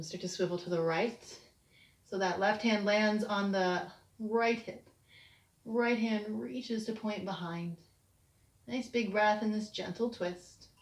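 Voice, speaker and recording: A woman teaching a short yoga break, talking students through each move with gentle, soothing cues. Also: medium pitch. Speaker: yoga instructor. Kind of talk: guided yoga class. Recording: echoey room, distant mic.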